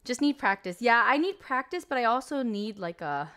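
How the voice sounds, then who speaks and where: A woman's voice: fairly high pitch, very animated, moderate pace, pushed and bright, clean tone. A woman streamer in casual livestream chat, chatty and self-deprecating as she answers her viewers.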